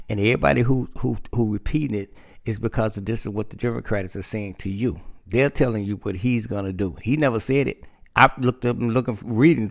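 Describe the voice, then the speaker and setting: Gravelly-voiced man, casual commentary monologue that repeats itself and keeps saying "man". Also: fairly low pitch. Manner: addresses listeners as "man", repeats himself. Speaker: political commentator.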